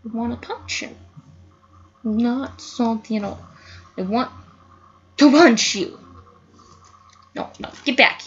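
A young woman giving casual gameplay commentary, excitable, swearing and yelling at the screen. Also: on the high side, a little slow, pauses often, dull audio. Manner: excitable, yells at the screen, frequent cussing. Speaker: gaming youtuber.

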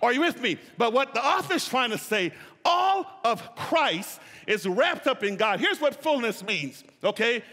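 Guy preaching in a big echoey church, bright voice, bounces all over, keeps getting them to say it back. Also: extremely high pitch, big pitch swings, measured pace. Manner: call-and-response preaching, drawing out key words. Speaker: pastor. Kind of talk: sermon. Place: church sanctuary. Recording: reverberant church hall. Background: long hall reverb.

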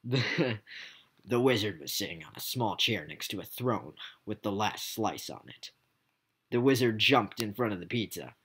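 A man's voice: lowish voice, animated, measured pace, fairly bright tone, husky. A man hosting a video, reading a silly story aloud, stumbling over the text and breaking into laughter. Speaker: YouTube host reading a story. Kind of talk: comic read-aloud with asides.

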